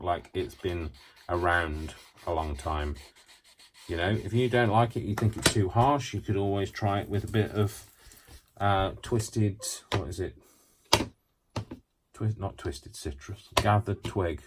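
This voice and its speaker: A man's voice: fairly low pitch, background noise. A man hosting a casual craft demonstration, chatty and rambling, with self-mocking asides. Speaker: craft tutorial host.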